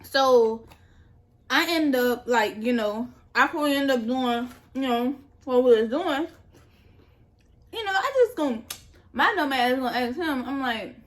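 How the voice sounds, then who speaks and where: A woman's voice: sits high, lively intonation, a little slow. A young adult woman vlogger telling a candid, slangy story in casual chat as she eats, laughing at herself. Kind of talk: casual storytime while eating.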